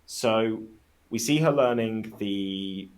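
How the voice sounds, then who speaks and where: A man's voice: on the low side, slow pace. A man guest on a casual podcast chat, telling stories with enthusiasm and swearing freely.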